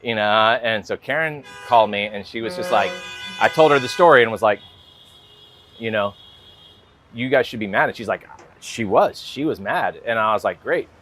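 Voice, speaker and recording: Faint music plays behind this American man, whose fairly low, fairly bright voice moves at a moderate pace. Interviewed as a guest artist, he rambles casually and keeps saying "like" and "you know."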